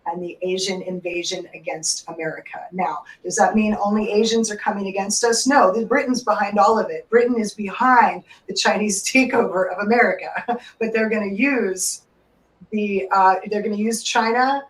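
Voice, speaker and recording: A woman's voice: mid-range voice, normal speed. Emotional woman, echoey and off-mic. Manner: emotional, rambling, swears freely. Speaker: psychic radio host. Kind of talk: live call-in talk. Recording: echoey room, distant mic.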